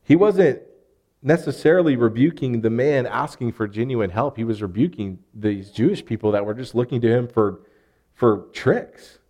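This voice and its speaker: A man's voice: medium pitch, animated, normal speed, warm tone. A man in his thirties from Arkansas with a Southern US accent, preaching a sermon in an earnest, conversational way with rising emphasis. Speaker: pastor.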